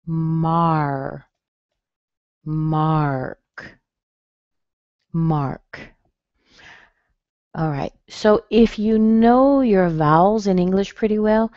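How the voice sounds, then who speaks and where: An American woman teaching pronunciation in a webinar lesson, speaking slowly and clearly and modeling sounds. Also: lowish voice, warm tone, dry recording, lo-fi sound.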